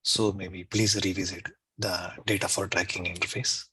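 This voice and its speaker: A man's voice: low-pitched, flat delivery, moderate pace, bright, forceful tone, breathy edge, no room sound. A man on a video call giving tentative review suggestions, with lots of "maybe". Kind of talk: meeting feedback.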